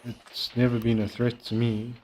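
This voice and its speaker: A man chatting casually while playing a game and reacting to a video, rambling and halting with many fillers. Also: medium pitch, completely flat delivery, a little mellow, a little hiss or hum. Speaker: streamer. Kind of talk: casual gaming commentary.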